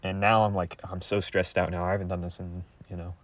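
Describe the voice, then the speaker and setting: A young man talking to his viewers in a crude, rambling monologue, halting with many fillers. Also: low voice, little pitch movement, dry recording.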